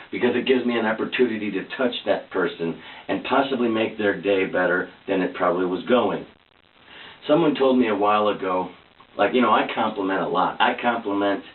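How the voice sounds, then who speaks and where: Male vlogger, low-ish voice, sincere and meandering, tinny distant echoey recording. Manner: earnest, rambling, repeats himself with restarts. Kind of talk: casual personal talk to camera.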